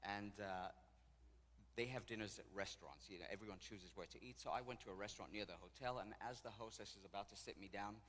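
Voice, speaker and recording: A man from Israel, a tour guide and guest speaker, telling stories in an animated, anecdotal way in a church. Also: on the low side, quick pace, slight background noise. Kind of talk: storytelling talk. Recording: echoey hall with faint ambience.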